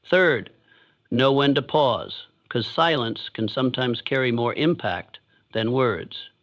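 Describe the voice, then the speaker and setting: A man giving scripted motivational narration with a measured, deliberate delivery and emphatic pauses. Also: mid-range voice, a bit bright, highs cut off.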